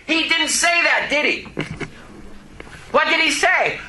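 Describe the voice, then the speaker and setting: Preacher, male, very high and piercing voice, emphatic, quizzes the congregation. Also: expressive, slow pace, rough recording. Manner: emphatic, questions the congregation, rises to shouting. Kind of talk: sermon. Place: church service.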